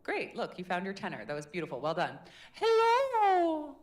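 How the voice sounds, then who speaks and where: A woman's voice: sits low, animated, fast. A woman leading a live public speaking workshop in a chatty, demonstrative, encouraging way. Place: meetup room in a tech hub.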